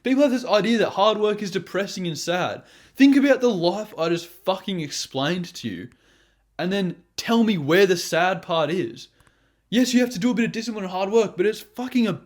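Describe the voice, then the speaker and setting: A young man vlogger giving a blunt, profane motivational rant, swinging between loud outbursts and low, intense muttering. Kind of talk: ranting motivational monologue.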